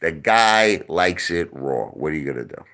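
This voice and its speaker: A man's voice: extremely low pitch, very animated, normal speed, creaky, pushed and bright. A middle-aged man ranting on a livestream, boastful and mocking, with crude insults and repeated lines. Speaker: online video host.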